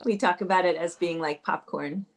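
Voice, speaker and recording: A woman's voice: fairly low pitch, normal speed. A woman hosting an online singing session, greeting participants one by one in a casual chat over a video call. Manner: warm greetings, reads out many names.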